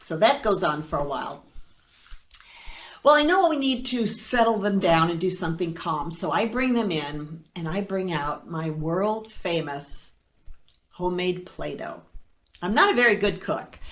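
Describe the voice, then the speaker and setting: A woman's voice: on the low side, a little slow. Playful woman telling a story. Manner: animated, playful storytelling with dry asides. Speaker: storyteller and foster parent. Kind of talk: told personal story at a storytelling event.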